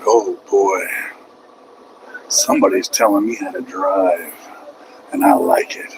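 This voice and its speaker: A man's voice: deep voice, fairly even intonation, slow, gravelly, pauses often, background noise. Sarcastic trucker ranting from his cab. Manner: sarcastic, mocking, heckles critics in a put-on whiny voice. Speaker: truck driver vlogger. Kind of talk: live-stream rant to chat. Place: inside a truck cab on the road.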